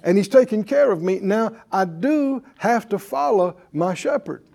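Male pastor, fairly high mellow voice, emphatic call-and-response sermon in church. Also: animated, measured pace, creaky. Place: church before a live congregation.

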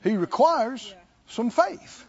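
Male pastor, middle-aged, emphatic sermon delivery, lively pitch, slightly dull recording. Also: slow, creaky, breathy edge. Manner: emphatic, calls out to the congregation.

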